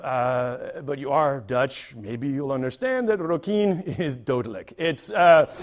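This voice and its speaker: Animated stand-up comedian on stage. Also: male voice, sits high. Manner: animated, acts out characters. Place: theater stage.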